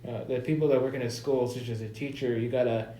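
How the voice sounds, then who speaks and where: A man's voice: medium pitch, steady tone, quick pace, dark tone. A young man hosting a casual comedy chat, hesitant and repeating himself often. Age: young adult. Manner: hesitant, many fillers and restarts. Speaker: host. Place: library room. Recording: echoey room.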